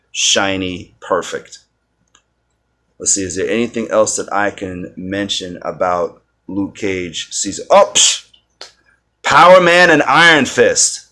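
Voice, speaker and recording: A man with a low voice talks in an unhurried, rambling way. He stumbles over his words, repeats himself and fills the gaps with "uh" while reviewing casually. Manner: rambling, many restarts and fillers. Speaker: video reviewer.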